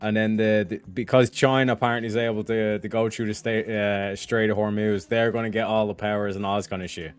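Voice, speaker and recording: A man's voice: fairly low pitch, level tone, a little fast, hardly any pauses, clear, resonant tone. A man chatting casually on a livestream, rambling and swearing, with a lot of filler phrases, talking to his viewers from a home setup. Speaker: streamer.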